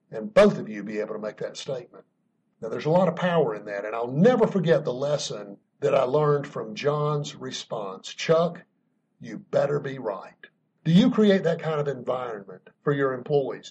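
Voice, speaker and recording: A man with a slightly husky voice, talking as a guest in an interview. He tells his story with earnest emphasis and chuckles now and then. The recording sounds a little dull and lo-fi. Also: on the high side, darkish tone. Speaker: podcast guest speaking on leadership.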